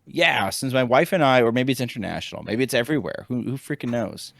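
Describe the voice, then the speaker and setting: A man in his thirties from the United States, a teacher co-hosting a podcast, telling a casual story in a rambling, animated way with many restarts. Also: mid-range voice, fast, vocal fry, no room sound. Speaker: podcast co-host, high school teacher. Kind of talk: casual chat.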